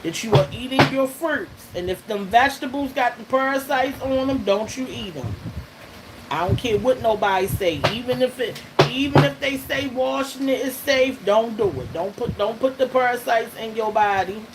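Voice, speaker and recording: At a normal speed and a fairly high pitch, a woman reads tarot cards for her channel's audience. She sounds casual and emphatic, laughing between lines and often checking in with "okay?" and "all right?" Steady background noise makes the recording noisy.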